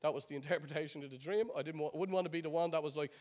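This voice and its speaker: A pastor preaches a sermon in a rapid-fire, darkish voice on the high side. He builds his points with rhetorical questions and repetition, acting out the voices of the biblical figures in his story.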